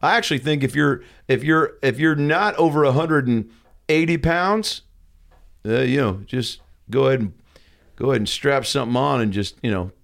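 A man doing a crude gravelly TV doctor. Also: mid-range voice, moderate pace, a bit bright. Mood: leering. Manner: crude, rambling, leering. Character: brash older male TV doctor host, crude. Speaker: talk show host. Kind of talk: improvised comedy sketch.

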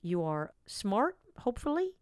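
A woman putting on a lower, slower, hushed voice to parody soothing bedtime affirmations. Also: little pitch movement, dry recording, studio quality. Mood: mock-soothing. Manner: hushed, slow, mock-soothing.

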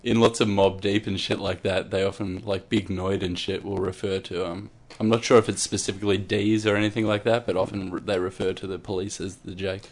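A man's voice: low-pitched, level tone, fairly quick, few pauses. A man co-hosting a podcast, talking in an easygoing, profane way and laughing often. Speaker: podcast co-host. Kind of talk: casual chat.

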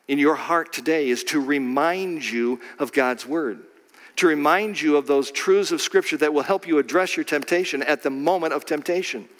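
A man preaching a sermon, swinging from quiet low passages to slow, emphatic phrases and sudden loud cries. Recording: long hall reverb.

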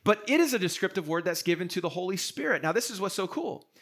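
A man's voice: sits high, lively intonation, fast talker, fairly bright tone. A man who is a pastor, preaching an earnest, encouraging sermon to a live-streamed congregation in a conversational way. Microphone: streamed sermon to an online audience.

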